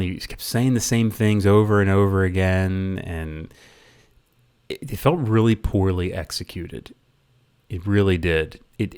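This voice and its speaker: A man reviewing a movie in a casual rant, rambling and often stumbling over and repeating his words. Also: lowish voice.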